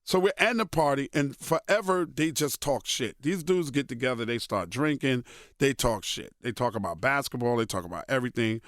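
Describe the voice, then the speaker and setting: A man's voice: medium pitch, moderate pace, no echo, studio quality. Profane New man telling a story. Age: 50s. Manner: profane, animated storyteller who voices others in quotes. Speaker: radio personality and guest. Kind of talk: storytelling in a casual interview.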